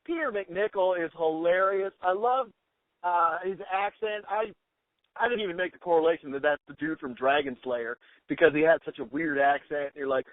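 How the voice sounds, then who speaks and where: An enthusiastic man co-hosting a casual podcast chat, his pitch sitting a little high. He gushes and quotes lines with energy. The sound is thin and phone-like, with no room echo. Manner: excited, quick to quote lines. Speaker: podcast co-host. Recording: tinny phone-like sound, dry.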